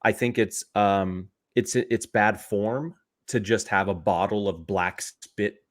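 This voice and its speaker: A man in his thirties, a podcast co-host, telling a story in an animated, sarcastic way and laughing at his own stories. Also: lowish voice, slow pace. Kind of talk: casual chat, storytelling.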